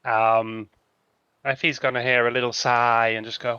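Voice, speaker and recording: A man's voice: mid-range voice, fairly even intonation, normal speed, bright, forceful tone, clear, resonant tone, no echo, lo-fi sound. A man playing a tabletop game, describing his moves and speaking his character's lines. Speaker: player. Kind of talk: tabletop game role-play.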